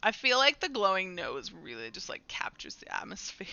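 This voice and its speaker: A woman's voice: mid-range voice, huge pitch swings, takes it slowly, gravelly, sharp tone, no echo. A woman streaming a game, chatting playfully with her viewers and her pet in a casual commentary style. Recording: dull lo-fi stream audio.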